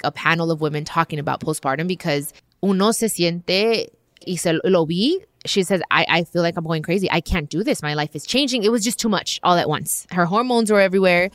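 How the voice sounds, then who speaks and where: A woman's voice: fairly low pitch, no room sound, clean studio sound. A woman hosting a casual chat, empathetic, mixing English and Spanish. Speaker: host.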